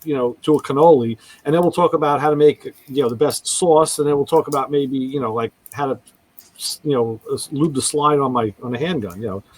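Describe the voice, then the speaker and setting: A man's voice: mid-range voice, a little fast, low-quality recording. A man hosting a casual radio talk show, telling stories and acting out callers' voices. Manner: animated storyteller, acts out callers' voices.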